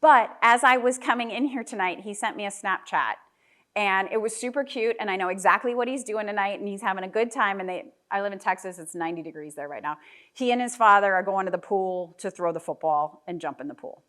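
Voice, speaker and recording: A woman's voice: mid-range voice, brisk, fairly bright tone. A woman in her thirties telling a candid, jokey story to a live audience, with asides to the crowd. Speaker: guest speaker. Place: event hall with a live audience.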